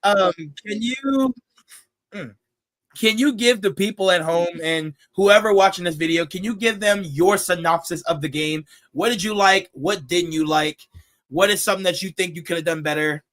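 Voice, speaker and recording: Young male host, high-pitched, loud excitable ranter, casual sports talk. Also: normal speed. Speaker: podcast host.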